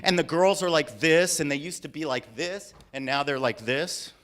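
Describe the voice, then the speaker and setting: A man leading a live, interactive creativity talk for an audience, theatrical and animated, often acting out voices and scenes. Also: a little high, moderate pace. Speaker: creativity workshop speaker. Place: lecture hall with audience.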